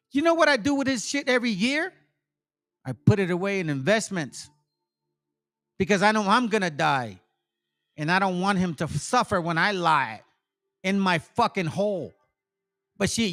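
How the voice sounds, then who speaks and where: A man's voice: high voice, big pitch swings, moderate pace, fairly bright tone, soft background music. A man, a channel host, delivering an angry, profane rant full of sarcasm and repetition. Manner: heated, cursing, sarcastic, repeats himself. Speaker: channel host, insurance seller.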